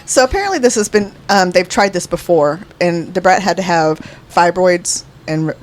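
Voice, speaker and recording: Low-voiced woman podcast co-host. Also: moderate pace. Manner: relaxed, giggly storytelling. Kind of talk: casual chat, reading out celebrity news.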